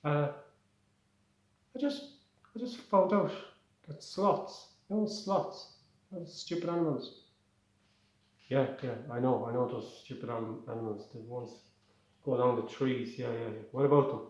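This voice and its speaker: A man's voice: mid-range voice, unhurried, long pauses, a little mellow, very echoey, close to an everyday voice. A man voicing a stressed, out-of-breath male dolphin who rants and swears. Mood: chatty.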